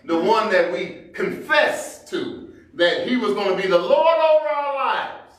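High-voiced preacher in an echoey church. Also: male voice, expressive, a little slow. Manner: conversational Black church preaching, acting out everyday scenes. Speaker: pastor. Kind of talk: sermon. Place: church sanctuary. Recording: very echoey church hall, distant mic.

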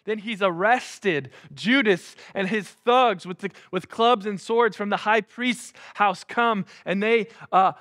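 A man's voice: high-pitched, takes it slowly, few pauses, a bit bright. A man preaching a casual sermon as a pastor, joking and acting out Bible figures in playful voices.

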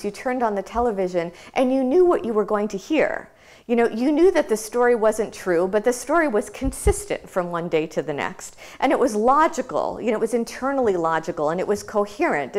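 A woman giving a lecture, chatty and anecdotal, full of "you know" and "like". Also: mid-range voice. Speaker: guest lecturer.

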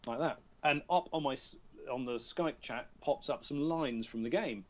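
Male guest, chatty raconteur, mid pitch, dull lo-fi call audio. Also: moderate pace, noisy background. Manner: chatty, self-amused storyteller. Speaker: voice actor guest. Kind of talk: casual podcast chat. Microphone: remote call.

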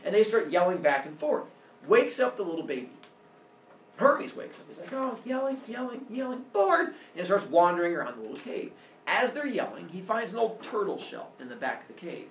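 A man's voice: sits high, big pitch swings, a little fast. A man retelling a myth in a casual, jokey way, full of sound effects, recorded in a roomy space from a distant mic with faint noise. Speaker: storyteller.

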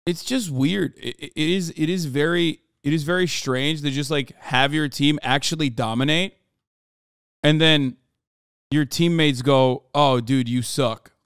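A man streaming live, chatting casually in an animated, profane, rambling way full of restarts. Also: on the high side, a little slow, clear, resonant tone, dry recording, clean studio sound. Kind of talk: casual livestream chat.

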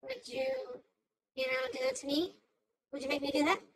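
A woman voicing a squeaky, hyper AI cartoon host. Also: big pitch swings, normal speed, vocal fry, exaggerated voice, poor audio. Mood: excitable. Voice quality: squeaky, bouncing between shouts and mutters. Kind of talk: rambling commentary on a news clip.

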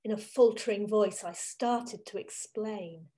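A woman giving a first-person dramatic monologue as a grieving, devoted woman disciple from ancient times, telling it slowly and with emotion. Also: mid-range voice, dark tone, close to an everyday voice. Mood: awed. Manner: slow, emotional, intimate storytelling. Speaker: church reader.

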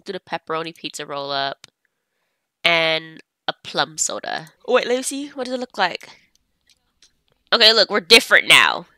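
A woman's voice: low-pitched, big pitch swings, moderate pace, bright, forceful tone, no room sound. A young woman chatting casually as she plays a life-sim game, talking to her characters. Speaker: gameplay streamer. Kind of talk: casual gameplay commentary.

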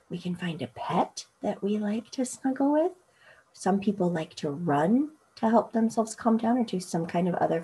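A woman teacher giving a gentle children's storytime read-aloud, soothing and often dropping into soft whispers. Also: medium pitch, low-quality recording. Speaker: teacher reading a picture book aloud.

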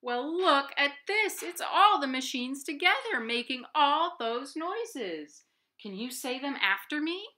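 A woman leads a children's storytime from home, her bright voice swooping up and down with gasps and playful sound effects. She reads unhurried and clear, as if to little listeners. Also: sits high, lively intonation. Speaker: library storytime host. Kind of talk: reading a picture book aloud to children.

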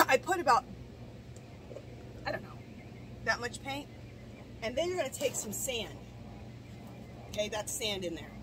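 A woman's voice: fairly high pitch, big pitch swings, unhurried, long pauses, background noise. Chatty woman with the hiccups, outdoors. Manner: chatty, rambling, many restarts and asides. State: hiccups and coughing. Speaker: garden vlogger. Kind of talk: casual DIY tutorial. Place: outdoors in a garden. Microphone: camera set down at a distance.

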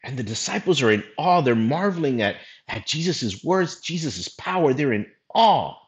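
A male pastor preaching a sermon in a lively, storytelling way with casual slang. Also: medium pitch, moderate pace.

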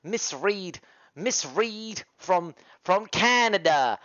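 A man's voice: sits high, animated, very slow, a bit bright, dry recording, muffled recording. A British man livestreaming, telling rambling slangy stories with plenty of swearing. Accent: British English. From United Kingdom. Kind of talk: casual livestream chat.

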